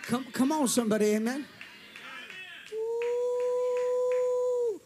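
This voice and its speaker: A male preacher, telling a story in a sermon with animated delivery and calls for amens. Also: very high voice, moderate pace, a little hiss or hum.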